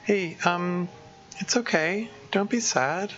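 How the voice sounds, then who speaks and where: A man doing a sweet, clumsy schoolgirl. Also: takes it slowly. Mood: earnest. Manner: high, bright put-on girlish voice, nervous and earnest. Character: eager awkward teenage schoolgirl, sweet and clumsy. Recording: dull lo-fi sound with music behind.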